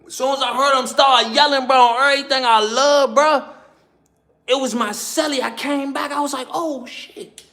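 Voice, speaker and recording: A man telling a story in a casual, animated, slangy way, laughing often. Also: very high-pitched, normal speed.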